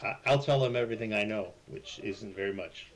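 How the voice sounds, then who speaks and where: A man's voice: fairly low pitch, a little fast. A man playing in a live tabletop game, chatting casually out of character. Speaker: player.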